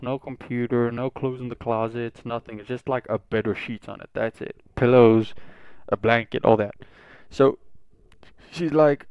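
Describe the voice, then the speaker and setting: A man's voice: mid-range voice, smooth, no room sound, muffled recording. A young man improvising a fan-fiction story in a rambling, casual, profane way. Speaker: online storyteller.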